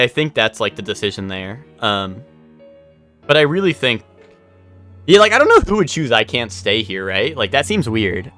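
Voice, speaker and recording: A man's voice: medium pitch, a bit bright. Rambling man streaming a video game. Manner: rambling, swears a lot, repeats himself. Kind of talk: casual gameplay commentary.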